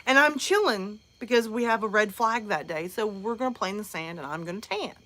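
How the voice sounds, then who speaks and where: A mother hosting a live show, telling a comic story in a lively, chatty way with lots of fillers. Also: medium pitch, a little fast. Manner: animated, many "like" fillers, acts out voices.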